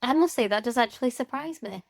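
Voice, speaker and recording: A woman's voice: fairly high pitch, lively intonation, quick pace, vocal fry, dry recording. Playful British woman, dry close sound. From United Kingdom. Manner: playful, giggly, guessing. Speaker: podcast co-host. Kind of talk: casual chat.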